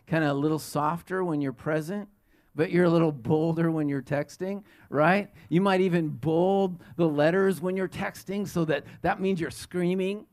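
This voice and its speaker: A man's voice: fairly high pitch, normal speed, darkish tone. A middle-aged man, a pastor, preaching a conversational sermon full of restarts and rhetorical questions to his congregation.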